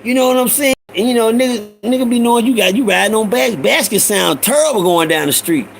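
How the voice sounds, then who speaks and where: A middle-aged man, telling street stories to his listeners in a loose, profane, animated way. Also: very high voice, brisk, gravelly, a little hiss or hum, low-quality recording. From Houston, Texas. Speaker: storyteller host. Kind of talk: casual storytelling monologue.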